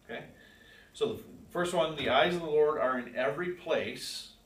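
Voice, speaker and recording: A man with a voice on the high side teaches a church Bible class at normal speed, keeping things casual and conversational. He puts questions to the class and reads verses aloud with emphasis. The room is echoey, the mic sits far off, and there's a faint hiss.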